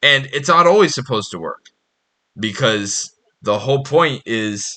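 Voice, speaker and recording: With a mid-range voice that's animated, bright, and forceful, a man hosts his own podcast at a measured pace. He rambles through a blunt, profane monologue, restarting often.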